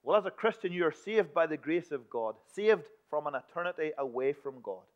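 A man preaching a sermon in a church, emphatic one moment and hushed the next. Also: fairly high pitch, expressive, a little fast. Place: church building. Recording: dull lo-fi recording.

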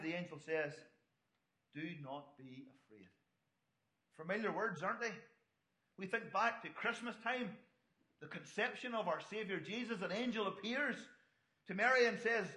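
Bright-voiced preacher, echoey hall. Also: male voice, high voice. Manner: conversational, storytelling asides to the congregation. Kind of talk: sermon.

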